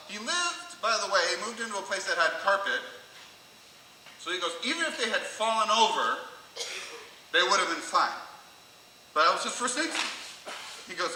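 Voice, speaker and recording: A man preaching a sermon as pastor, telling stories and acting out the people in them with shouts and funny asides. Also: high-pitched, normal speed, recorded from a distance. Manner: animated storyteller, shouts and acts out quotes. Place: church sanctuary. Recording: echoey church hall, preacher off-mic, faint room noise.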